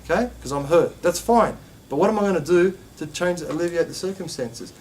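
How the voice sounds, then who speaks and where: A man teaching a religious class, talking in an animated way with many rhetorical questions and emphatic repetition. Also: high-pitched, brisk. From Australia.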